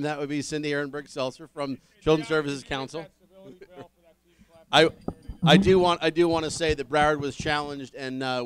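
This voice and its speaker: A man's voice: mid-range voice, clean tone. A man hosting a public dinner forum, welcoming the audience, giving ground rules and introducing panelists. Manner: upbeat, addressing a dinner audience. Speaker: event host. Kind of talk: public event announcements.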